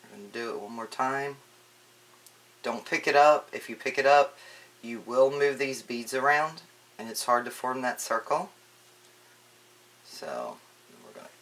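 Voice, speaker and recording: Relaxed woman chatting through a craft demo. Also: extremely low pitch, a little slow, long pauses. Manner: chatty, relaxed, frequent ums and restarts. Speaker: craft tutorial maker. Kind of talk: casual crafting tutorial.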